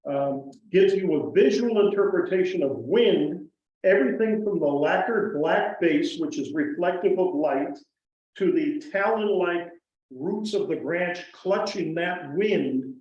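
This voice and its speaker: A man telling stories about his carving to a live audience in a folksy, animated way. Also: sits high. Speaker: guest woodcarver speaker. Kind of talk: storytelling talk to a live audience. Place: museum presentation room. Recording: echoey hall, distant muffled mic.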